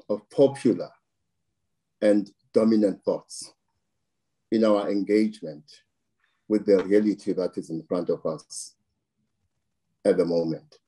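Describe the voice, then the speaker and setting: Slow, dark-voiced South African analyst. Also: male voice, on the low side, rough recording. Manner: slow and deliberate, weighing words, occasional restarts. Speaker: political analyst. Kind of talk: interview commentary.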